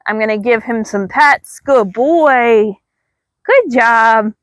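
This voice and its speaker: Woman trainer, slightly high voice, dry close sound, calm teaching with sing-song praise. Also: slow, no echo. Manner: calm explaining, bursts of high praise to the dog. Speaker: dog trainer. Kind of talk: instructional dog training demo. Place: outdoors.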